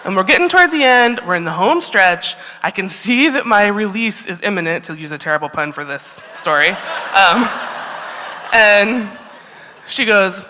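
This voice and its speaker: A woman's voice: mid-range voice, lively intonation, moderate pace, sharp tone. A woman telling a wry, funny story on a live stage, often laughing as she talks. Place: stage in a large hall. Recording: reverberant live hall.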